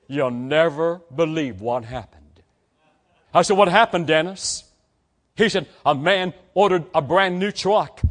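An older man preaching a sermon to students, telling a story and acting out the dialogue, rising to emphatic peaks and dropping low.

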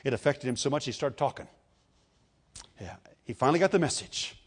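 A man preaching a sermon as a pastor, with sudden swells and drops in loudness and conversational asides to the congregation. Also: medium pitch, expressive, brisk, breathy edge.

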